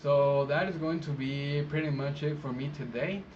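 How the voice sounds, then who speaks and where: A man whose first language is not English, an interpreter giving relaxed advice in a casual vlog, rambling with many fillers and restarts. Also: on the high side, moderate pace. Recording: dull sound with clear background noise.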